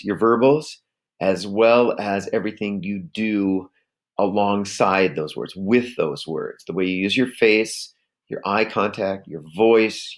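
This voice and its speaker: Lower-voiced man giving a video lecture. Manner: explanatory, with many fillers and restarts. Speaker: teacher.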